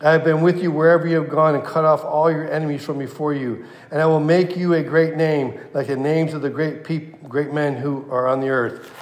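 A man preaching a sermon, quoting scripture with passion and dropping to a hush at key lines. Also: on the high side, steady tone, a little fast. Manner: impassioned, swings from loud to hushed. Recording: echoey room.

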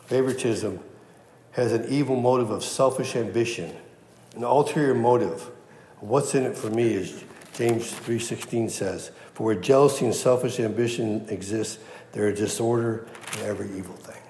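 A man's voice: medium pitch, moderate pace, a little mellow, reverberant. A man preaching a sermon as pastor, emphatic and repeating his key phrases for weight. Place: church.

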